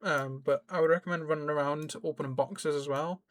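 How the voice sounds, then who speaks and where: A man's voice: fairly high pitch, fairly even intonation, brisk, a bit bright, no room sound. A young man giving casual, rambling gameplay tutorial commentary, correcting himself as he explains. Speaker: gaming YouTuber.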